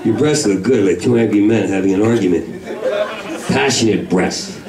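A man doing a stand-up comedy set in a club, talking in a manic, rambling, profane way that breaks into shouted voices. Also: on the low side, moderate pace. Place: comedy club main room. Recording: echoey club recording from far off with crowd. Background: audience laughter.

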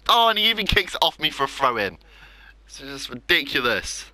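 A man's voice: mid-range voice, big pitch swings, fairly quick, sharp tone, no echo. A young man commenting on his own football video game matches, mocking himself and ranting about losing. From England. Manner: frustrated, self-mocking ranting. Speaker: gaming YouTuber. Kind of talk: live gameplay commentary.

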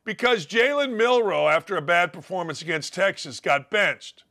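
A man's voice: sits high, lively intonation, normal speed, sharp tone. A middle-aged man hosting a sports talk show, delivering a brash, combative and mocking monologue.

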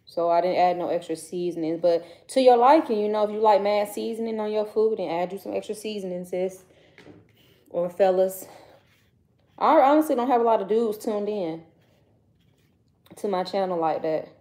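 A woman's voice: mid-range voice, normal speed, warm tone. A woman chatting casually while cooking at home, talking to viewers and her kids between steps, recorded on a nearby phone camera. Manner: loose, slangy casual speech. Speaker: vlogger cooking for her channel. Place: home kitchen. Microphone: phone camera nearby, set down at times.

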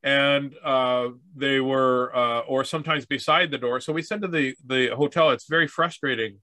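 A Canadian man tells a humorous story in a loose, rambling way, restarting his sentences and acting out what each person said. His voice is bright and forward. It is recorded dry and close, with no room sound. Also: mid-range voice, fairly even intonation, normal speed, dry recording. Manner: rambling, with restarts and acted-out dialogue. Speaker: speaker telling stories about accessibility. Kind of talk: casual storytelling talk.

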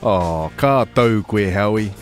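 A man narrating a hunting show in a formal, measured voice-over. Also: lowish voice, music in the background.

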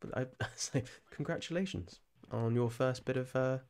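A man's voice: medium pitch, normal speed, darkish tone, clear, resonant tone. A young English man chatting casually while streaming a game live, rambling, restarting his phrases and laughing often. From England.

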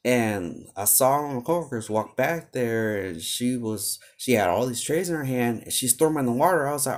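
A man's voice: medium pitch, expressive, fairly quick, few pauses. A young man venting about his job in a loose, rambling storytime style. His voice rises and falls a great deal as he grows exasperated, and he trips over filler words as he goes. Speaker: vlogger. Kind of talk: casual storytime rant.

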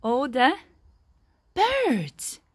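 Slow, lively woman telling a children's story. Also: high-pitched, husky, no room sound. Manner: animated, gasping, exclaiming, asking the listener questions.

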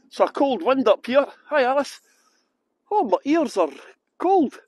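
A man's voice: extremely high pitch, sing-song, a little slow, long pauses, darkish tone, no echo. A Scottish man giving a live-streamed tour outdoors on a windy hilltop, chatting with viewers and laughing often. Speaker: tour guide. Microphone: good external microphone.

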